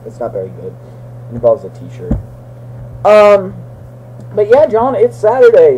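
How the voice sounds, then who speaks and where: A young man talking casually to the camera in a goofy, joking way, breaking into loud outbursts. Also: sits high, sing-song, a little slow, long pauses, a little hiss or hum, poor audio. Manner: goofy, jokey, with sudden loud shouted bits. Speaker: vlogger. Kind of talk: casual video blog to his brother.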